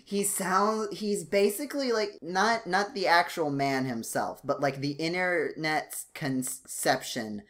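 A man co-hosting a casual podcast, rambling with many restarts and fillers, his voice jumping up when he gets excited. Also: slow pace, hardly any pauses. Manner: animated, jumps up in pitch when excited. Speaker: podcast co-host.

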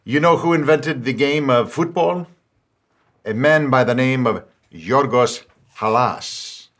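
A man's voice: medium pitch, slow, fairly bright tone. An actor playing a proud, boastful family man in a film comedy, telling a story in a playful, bragging way. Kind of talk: film drama dialogue.

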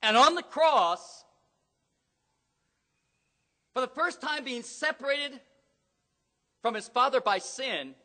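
A middle-aged man preaching a sermon in a church, telling stories dramatically and rising to loud emphatic peaks. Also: extremely high pitch, lively intonation, takes it slowly, pauses often. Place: church hall. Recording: long hall reverb.

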